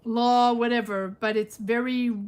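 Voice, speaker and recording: A woman's voice: a little high, fairly even intonation, measured pace, clean tone. A woman giving a live-stream tarot reading, chatty and reassuring, thinking aloud with lots of fillers. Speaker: tarot reader.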